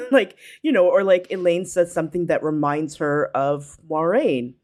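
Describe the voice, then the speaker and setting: A woman's voice: fairly low pitch, measured pace, darkish tone. A woman co-hosting a podcast in casual chat, who laughs a lot and restarts her sentences. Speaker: podcast co-host.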